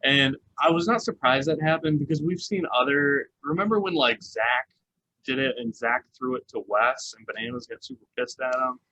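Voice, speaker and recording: A man's voice: mid-range voice, normal speed, sharp tone, poor audio. A man co-hosting a podcast, recapping a reality show in a chatty, casual way with lots of fillers and laughter. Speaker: podcast co-host.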